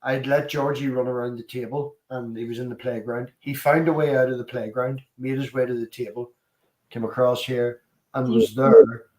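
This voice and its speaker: A man hosting a casual chat and telling animated, sweary stories. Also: mid-range voice, normal speed. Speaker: podcast host. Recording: roomy echo.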